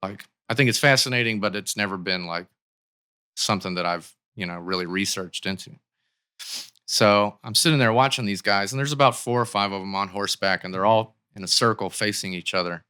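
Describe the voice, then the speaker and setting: Man, podcast guest, casual storytelling, crisp smooth voice, filler-heavy chat. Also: on the low side, a little fast, bright, forceful tone. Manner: conversational, with many likes and restarts.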